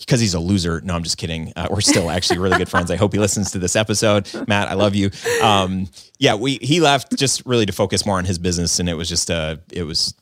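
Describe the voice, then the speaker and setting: A man's voice: sits low, quick pace, hardly any pauses, dry recording. A man who runs a video business, telling his story in an earnest, rambling way, full of "like" and "um". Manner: rambling, filler-heavy with frequent "like" and "um"; earnest and self-reflective. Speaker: video business owner and podcaster. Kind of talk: casual conversational storytelling.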